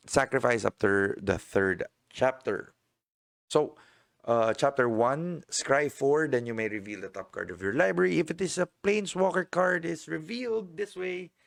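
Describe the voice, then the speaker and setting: Gravelly Filipino man reviewing cards. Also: on the low side, dry recording, studio quality. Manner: chatty, playful asides, many fillers. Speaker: card game streamer. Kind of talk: casual card set review.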